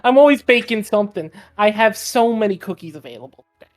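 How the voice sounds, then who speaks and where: A woman's voice: on the low side, expressive, moderate pace, darkish tone, faint music behind, close to an everyday voice. A woman voicing a doting female frog countess who bakes, with an affected, fawning manner, calling others darling.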